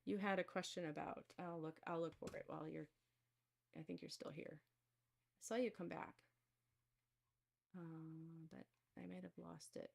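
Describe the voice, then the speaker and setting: A woman's voice: low voice, steady tone, unhurried, gravelly, pauses often. A woman hosting a live stream of card and pendulum readings, talking casually to viewers in a rambling way with many fillers and restarts.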